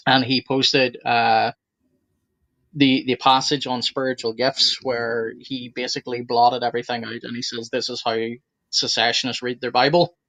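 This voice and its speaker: A man's voice: medium pitch, a bit bright, no room sound, low-quality recording. Blunt guy giving his take on a panel podcast, dry close mic. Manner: blunt, opinionated. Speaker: podcast co-host. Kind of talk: casual panel discussion.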